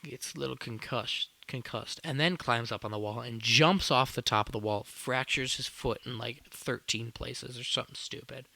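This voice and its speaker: A young man tells a work story as a podcast host, rambling and exasperated, dropping casual curses. His voice has a gravelly fry and a bright edge. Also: medium pitch, normal speed, few pauses, dry recording.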